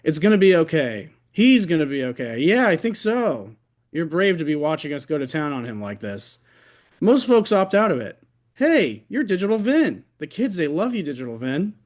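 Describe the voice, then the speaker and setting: Man doing a chummy surgeon, high, loud, drawling, giggly. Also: sing-song, moderate pace. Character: brash cheerful male surgeon, chummy and pushy.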